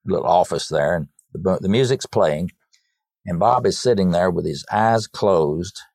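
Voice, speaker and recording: An older man from North Carolina, a songwriter guest, telling stories in a lively way in an interview and often repeating words as he goes. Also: low voice, normal speed, creaky, no room sound, studio quality. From North Carolina, USA. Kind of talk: storytelling in a podcast interview.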